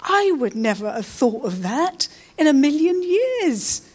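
A woman's voice: high-pitched, sing-song, takes it slowly, a little mellow. A middle-aged woman giving an informal, chatty sermon, often adding tag questions. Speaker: preacher.

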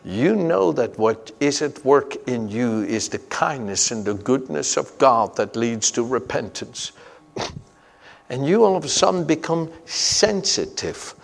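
A man's voice: medium pitch, vocal fry. A man preaching a sermon, fervent and emphatic, weaving personal stories into his message. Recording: long reverb of a large hall.

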